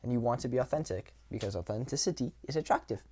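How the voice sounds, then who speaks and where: Young male dating coach, casual and blunt, middle pitch, acts out examples. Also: expressive, fast, darkish tone, slight background noise. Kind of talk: casual talking-head advice.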